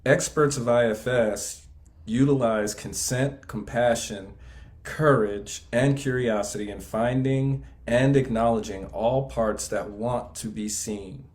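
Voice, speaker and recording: A man's voice: medium pitch, takes it slowly, darkish tone. Man reading a book passage aloud. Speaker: class co-host.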